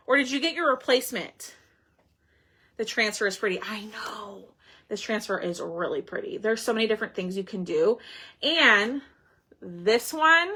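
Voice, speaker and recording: A woman's voice: fairly high pitch, bright, forceful tone, rough recording. A woman hosting a crafting live stream, chatting casually and greeting viewers by name.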